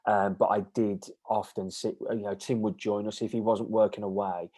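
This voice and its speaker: A man's voice: on the low side, little pitch movement, normal speed, dark tone, rough recording. A man with an easygoing, rambling way of talking, telling a personal story as an interview guest, with plenty of fillers and restarts. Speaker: guest medium.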